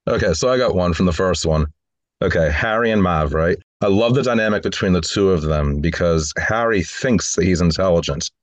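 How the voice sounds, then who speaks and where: Deep-voiced man in relaxed film chat. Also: brisk, no room sound. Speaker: podcast co-host.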